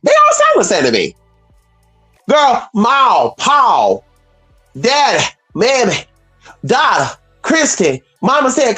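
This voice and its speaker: A spiritual channel host chatting casually with livestream viewers, blunt and salty, jumping between high exclamations and low muttered asides. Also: huge pitch swings, takes it slowly, a bit bright, soft background music. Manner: salty and blunt, swears freely.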